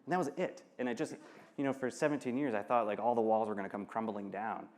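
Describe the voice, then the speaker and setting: A man in his thirties from Michigan, speaking candidly and earnestly onstage, often pausing and restarting and laughing between thoughts. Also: lowish voice, steady tone. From Michigan, United States. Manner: earnest, halting, quick to laugh. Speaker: author and guest. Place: festival stage.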